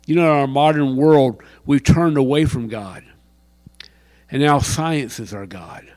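A pastor with a medium-pitched voice preaches a sermon at an unhurried pace, using a handheld mic in a church hall. He drops to near whispers, then rises to loud exclamations.

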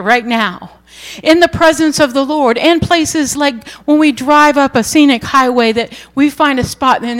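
A middle-aged woman preaching a sermon, telling a story earnestly and voicing the quoted words softly. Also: sits high.

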